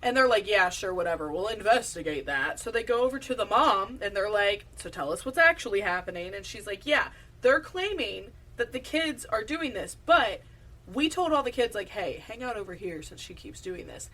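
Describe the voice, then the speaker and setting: A woman's voice: medium pitch, expressive, normal speed, bright, forceful tone, distant mic. A woman co-hosting a podcast, recapping a documentary in casual, profane, mocking rants. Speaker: podcast co-host. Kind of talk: casual chat recapping a true-crime documentary.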